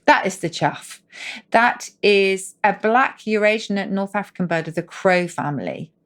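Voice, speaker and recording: A middle-aged woman co-hosting a casual podcast, explaining where words come from with lively asides. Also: medium pitch, normal speed. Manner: animated, explains word origins with asides. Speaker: co-host.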